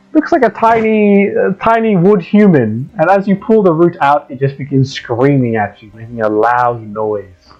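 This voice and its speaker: A man's voice: a little high, normal speed, few pauses, lo-fi sound. A man running a live tabletop game, narrating scenes hesitantly with many ums and restarts. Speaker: game master.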